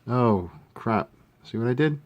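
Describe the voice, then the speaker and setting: A man giving a casual hands-on modeling tutorial, thinking aloud with relaxed fillers as he works. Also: mid-range voice, unhurried, dull audio. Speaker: scale model hobbyist demonstrating a kit build.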